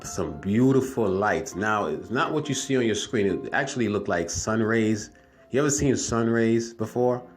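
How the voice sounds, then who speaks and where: A man telling viewers a story in casual talk. He rambles, repeats himself and calls his listeners family. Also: lowish voice. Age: adult, has wife and kids. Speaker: vlogger telling a dream.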